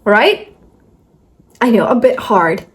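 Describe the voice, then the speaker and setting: A young woman teaching pronunciation in a video lesson, talking straight to viewers and repeating words slowly, syllable by syllable. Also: on the high side, sing-song.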